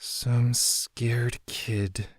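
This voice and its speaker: A man voicing a grieving, guarded young woman who speaks quietly and tersely. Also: mid-range voice, a little slow, no room sound, studio quality, voice pushed up, close to an everyday voice.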